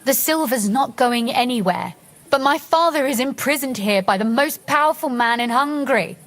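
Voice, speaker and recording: A woman's voice: high voice, lively intonation, moderate pace, fairly bright tone. An actress playing a young noblewoman worried for her imprisoned father in a game cutscene.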